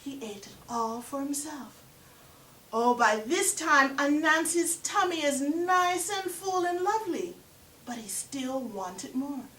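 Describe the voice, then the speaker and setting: A woman telling a folktale in a lively way, inviting listeners to count along. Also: high voice, slow. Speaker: storyteller. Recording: roomy echo from far off.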